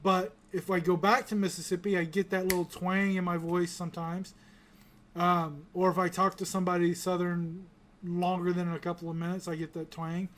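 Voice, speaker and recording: A man with a notably high voice, hosting a loose review podcast. He rambles, restarts his sentences and swears casually as he goes. He grew up in the American South. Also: flat delivery, normal speed, fairly bright tone, a little hiss or hum. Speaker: podcast host. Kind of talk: casual pop-culture review chat.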